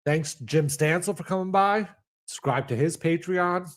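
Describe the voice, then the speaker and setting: A man's voice: on the high side, a little slow. A man co-hosting a comedy podcast from a bar, tossing in dry asides. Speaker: co-host.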